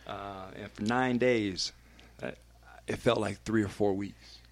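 A man's voice: lowish voice, fairly even intonation, slow, dry recording. A man, a radio personality, telling a candid and emphatic personal story as a podcast guest, swearing freely.

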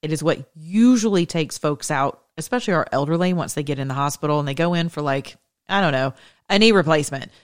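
A woman telling her viewers a personal story in a casual monologue, animated and blunt, with sudden leaps in pitch and loudness. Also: quick pace. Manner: blunt and opinionated, swears and then apologizes. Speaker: mother sharing a personal story.

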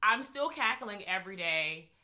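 A woman co-hosting a podcast, chatting casually and profanely about a horror film, cackling and animated. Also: medium pitch, moderate pace. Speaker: podcast co-host. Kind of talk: casual chat.

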